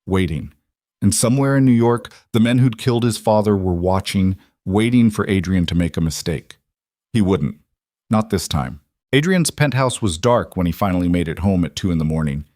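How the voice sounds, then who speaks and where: A man narrating a scripted dramatic story in a steady, even manner. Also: sits low, normal speed, dry recording, clean studio sound.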